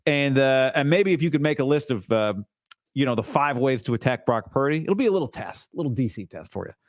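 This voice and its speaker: A man's voice: medium pitch, expressive, brisk, no echo, studio quality, natural voice. A man putting on a Southern accent to play an overly polite male team executive in a sarcastic bit. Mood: mock-polite. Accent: Southern US (put on). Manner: mock-courteous, sarcastic.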